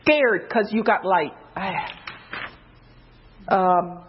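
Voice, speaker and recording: A woman preaching an informal sermon, loose and conversational, with many fillers, who jumps higher in pitch when she quotes someone. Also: extremely slow, a little hiss or hum. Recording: dull lo-fi recording.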